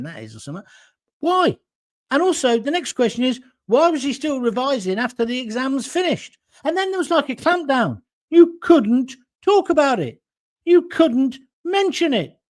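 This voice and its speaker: A middle-aged man giving a sarcastic, indignant political rant as an online commentator. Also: extremely high pitch. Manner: slips into mocking impressions. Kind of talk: ranting political monologue.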